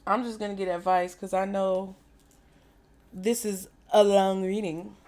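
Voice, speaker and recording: A woman's voice: medium pitch, flat delivery, unhurried, darkish tone. A woman giving a casual tarot reading in a blunt, frank way, swearing freely. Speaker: tarot reader.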